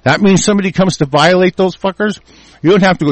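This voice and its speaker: A man in a furious, profane rant, repeating himself and shouting through restarts. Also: a little high, lively intonation, brisk, no room sound. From United States. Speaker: ranting commentator.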